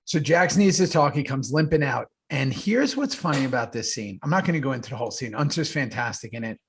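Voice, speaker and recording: A man co-hosting a podcast, telling animated stories in casual chat and swearing freely. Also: medium pitch, brisk, creaky, slight background noise. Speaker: podcast co-host.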